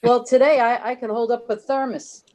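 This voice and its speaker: A woman's voice: fairly high pitch, moderate pace, a crowd in the background. A woman in her sixties from New York doing a stand-up set with a dry, wry delivery. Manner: dry, wry deadpan delivery of one-liners. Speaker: stand-up comic. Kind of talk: stand-up set over video call.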